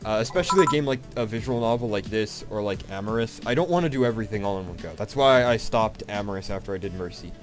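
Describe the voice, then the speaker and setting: A man's voice: lowish voice, quick pace, hardly any pauses. A man casually commenting on a visual novel as he plays, rambling and swearing freely. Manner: animated, rambling, profane. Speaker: let's play host. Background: game music.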